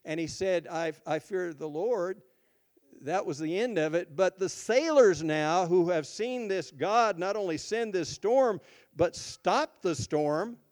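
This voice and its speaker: High-voiced pastor preaching slowly. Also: male voice, a little mellow. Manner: reads scripture aloud then explains it slowly, stressing key words. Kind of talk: sermon.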